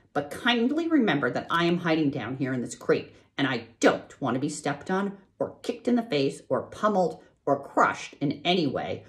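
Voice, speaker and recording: A fussy rat grumbles and drags out his complaints, as a woman reading aloud puts him on. The voice sits a little above her usual pitch and rises and falls a lot. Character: rat hiding in straw, fussy, grumbling male. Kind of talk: read-aloud storybook voice.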